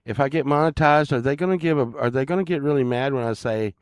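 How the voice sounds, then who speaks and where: A man's voice: mid-range voice, fast, hardly any pauses, clean tone, no echo, clean studio sound. A man hosting his own channel, talking casually to viewers in a rambling, crude, joking way. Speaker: channel host.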